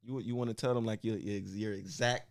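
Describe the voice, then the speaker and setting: A young man guesting on a podcast, relaxed and slangy, with many fillers. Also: lowish voice, fairly quick, no echo, clean studio sound. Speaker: rapper guest. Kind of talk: casual chat.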